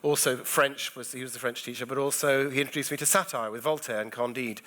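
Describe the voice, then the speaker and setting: A man, a comedian speaking at an education festival, telling stories about his school days with many quick restarts and asides. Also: mid-range voice, fairly even intonation, bright, forceful tone. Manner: restless, jumps between thoughts with many restarts. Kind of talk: keynote talk and anecdotes.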